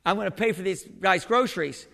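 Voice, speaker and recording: High, gravelly-voiced man preaching in a hall. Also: fairly quick, fairly bright tone. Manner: conversational preaching with many restarts and questions to the congregation. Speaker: pastor. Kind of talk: sermon. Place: church sanctuary. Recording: long hall reverb.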